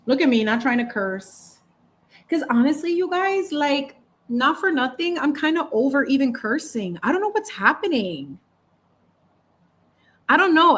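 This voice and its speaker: Woman host, fairly high voice, casual paint-and-chat, chatty and playful with slang. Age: adult parent. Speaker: channel host.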